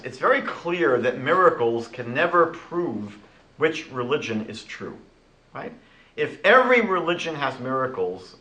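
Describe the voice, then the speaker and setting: A man giving a lecture as a rabbi, animated and rhetorical, retelling conversations. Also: a little high, roomy sound, poor audio.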